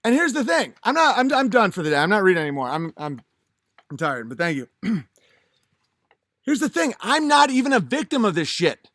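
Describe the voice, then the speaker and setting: A comedian delivering a blunt, profane, ranting comedic monologue. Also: male voice, high voice, very animated, brisk, fairly bright tone, dry recording, studio quality.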